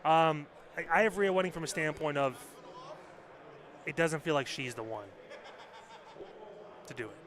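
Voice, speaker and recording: A man's voice: on the high side, moderate pace, pauses often, a crowd in the background. A man co-hosting a wrestling podcast in casual chat, blunt and swearing freely. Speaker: podcast co-host.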